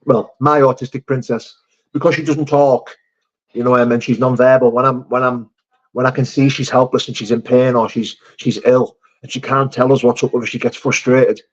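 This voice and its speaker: A man's voice: medium pitch, little pitch movement, normal speed. A man hosting a casual live stream, reading viewer comments aloud and answering them with frank, sweary chat. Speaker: livestream host. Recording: slightly dull lo-fi stream audio.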